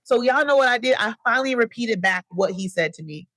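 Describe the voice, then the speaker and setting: A woman's voice: fairly high pitch, fairly quick, dry recording. Chatty woman podcast host telling stories. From US Midwest. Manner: chatty, animated storytelling, addresses listeners as y'all. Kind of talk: solo podcast monologue.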